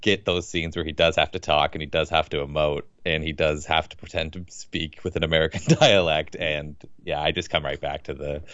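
A man co-hosting a casual film review chat, speaking in a measured, hesitant way with many fillers. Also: extremely low pitch, little pitch movement, fairly bright tone, dry recording, highs cut off. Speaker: podcast co-host.

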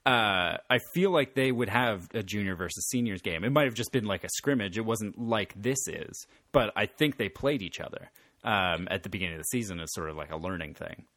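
A man's voice: fairly low pitch, fairly quick, fairly bright tone, dry recording. Chatty man in a dry room. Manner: chatty, laughing, many fillers. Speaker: podcast co-host. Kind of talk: casual movie discussion.

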